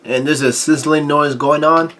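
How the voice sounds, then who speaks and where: A man talks through a comic chapter panel by panel, with a bright, forceful tone. He often stalls and restarts while reading, slipping in side comments as he goes. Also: a little high, fairly even intonation. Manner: halting, with frequent restarts and fillers. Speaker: manga reviewer.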